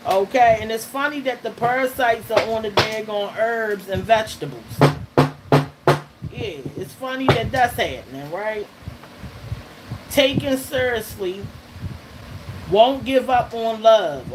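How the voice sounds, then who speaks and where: A woman's voice: fairly high pitch, measured pace, long pauses. A woman reading tarot cards for her viewers in a casual, emphatic way, often checking in with "okay?" and laughing between points. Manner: emphatic, keeps checking in with "okay?" and "all right?"; laughs between lines, loose and conversational. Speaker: tarot reader hosting her channel. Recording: noisy recording with steady background noise.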